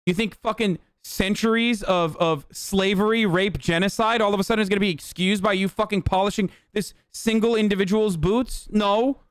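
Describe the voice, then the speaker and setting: A male livestream host from Turkey delivers a heated, profane rant in a somewhat high voice. His tone is smooth and resonant. The recording is dry and close. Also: steady tone, normal speed, few pauses, no echo.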